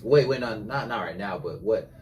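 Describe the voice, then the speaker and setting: A man's voice: lowish voice, animated, normal speed, a little mellow. A young man co-hosting a podcast, chatting casually with lots of fillers and restarts. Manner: laid-back, rambling, lots of fillers. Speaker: podcast co-host. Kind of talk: casual chat. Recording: distant mic with faint background noise.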